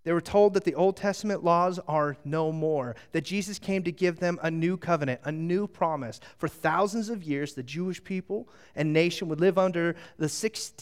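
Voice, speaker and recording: A middle-aged man preaching with a fairly high voice. He tells stories with plenty of energy and draws his congregation in with questions. He speaks into a handheld microphone. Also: clear, resonant tone. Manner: animated storytelling with audience interaction. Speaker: pastor. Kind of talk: sermon.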